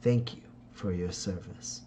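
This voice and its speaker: Someone doing a smooth, scheming father figure. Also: deep voice, dark tone, a little hiss or hum, voice pushed down. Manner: slow, honeyed, formal courtesy. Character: scheming father, smooth charming manipulative man. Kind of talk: tabletop game character voice.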